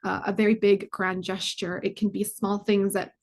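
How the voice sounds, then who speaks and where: Young adult woman, interview guest; earnest, halting, filler-heavy delivery. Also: mid-range voice, flat delivery. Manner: heartfelt, many fillers and restarts. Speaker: guest, foundation communications manager. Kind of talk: casual interview answer.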